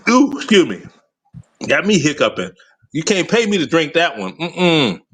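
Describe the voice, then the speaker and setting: A man's voice: a little high, very animated, moderate pace, fairly bright tone, slightly rough. A man co-hosting a casual livestream, slangy and joking, laughing at his own lines.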